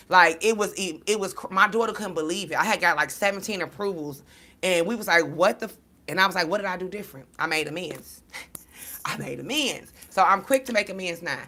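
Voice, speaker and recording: Blunt, bright-voiced woman telling stories. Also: on the low side. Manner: blunt, emotional, animated storytelling with swearing. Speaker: spiritual reader. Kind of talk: casual spiritual talk.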